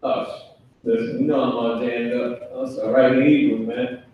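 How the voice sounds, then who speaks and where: A man's voice: medium pitch, level tone, moderate pace, muffled recording, slight background noise. Guy teaching a class, joking around in slang, sounds far off in a big echoey room. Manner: loose, jokey, slangy, acts out kids' voices. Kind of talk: live online class, loose joking talk. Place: classroom with a whiteboard. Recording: echoey room, speaker away from mic.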